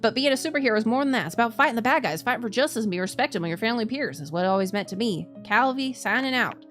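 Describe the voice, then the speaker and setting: A woman's voice: fairly high pitch, lively intonation, racing, a bit bright, faint music behind. A woman voicing an eager young male superhero trainee with a put-on Southern US accent, reading his letter in an upbeat, boastful way. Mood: enthusiastic.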